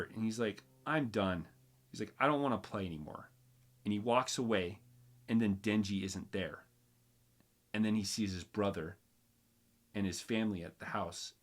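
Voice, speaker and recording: A man hosting a casual chat, retelling a story with animated energy, acting out quotes and often restarting his sentences. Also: on the low side. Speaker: host.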